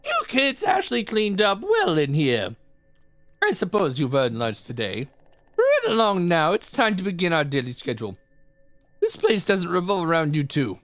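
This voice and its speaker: A stern caretaker who gives orders curtly, voiced by a man reading a game. The voice drops lower than his usual, with a gravelly texture. It sounds close and dry. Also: huge pitch swings, normal speed, fairly bright tone, no room sound, exaggerated voice.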